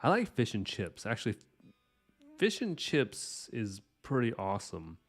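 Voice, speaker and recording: A man with a lowish voice hosts a casual live stream and chats loosely with his viewers. He rambles with eager enthusiasm and fills his talk with "like" and "you know". Soft music plays faintly behind him. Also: huge pitch swings, measured pace. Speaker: livestream art host chatting with viewers.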